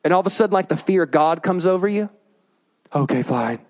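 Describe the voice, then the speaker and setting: High-voiced animated male pastor. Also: rapid-fire. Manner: animated, acts out quoted voices with rising pitch. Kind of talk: sermon.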